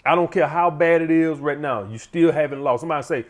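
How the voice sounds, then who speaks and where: A man's voice: fairly high pitch, fast talker. A man hosting his own channel, giving blunt, profane money advice in a casual monologue and often turning to the audience as "guys.".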